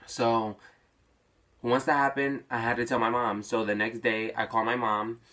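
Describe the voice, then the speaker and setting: Young guy, casual storyteller, lots of "like" fillers, mid-pitched voice. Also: flat delivery, moderate pace, bright, forceful tone. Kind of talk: personal storytelling.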